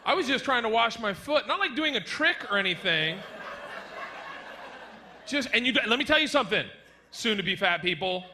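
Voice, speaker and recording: A male stand-up comic on a club stage, loud and animated, laughing through his own lines. His voice runs high and leaps all over the place. The recording is a noisy live club take. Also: normal speed, pauses often. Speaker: stand-up comedian. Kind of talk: stand-up comedy set.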